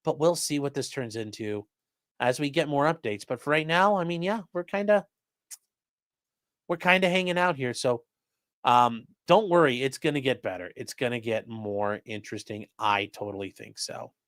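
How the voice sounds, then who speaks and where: A man's voice: mid-range voice, moderate pace, a bit bright, no room sound, clean studio sound. A man doing mocking, sarcastic live-stream commentary while reading chat, swearing often.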